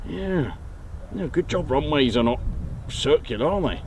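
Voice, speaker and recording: A man's voice: on the high side, animated, measured pace, a little mellow, slight background noise, pitched below the performer's own voice. A man voicing a chatty middle-aged male base security guard, rambling and joking outdoors. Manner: rambling, jokey, repeats "there now". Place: outdoors at an airfield viewing area.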